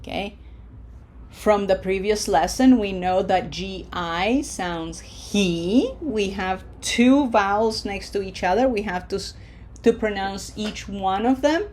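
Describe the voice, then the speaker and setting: A woman teaching a recorded online language lesson, patiently walking through rules step by step and slowing down to model words. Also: mid-range voice, darkish tone. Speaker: Spanish teacher.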